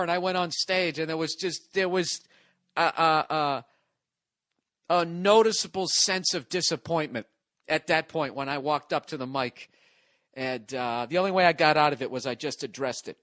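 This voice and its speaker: Profane, animated man telling a story. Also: fairly high pitch, normal speed, no room sound. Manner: animated, profane, builds excitement. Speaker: podcast host. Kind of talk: casual storytelling monologue.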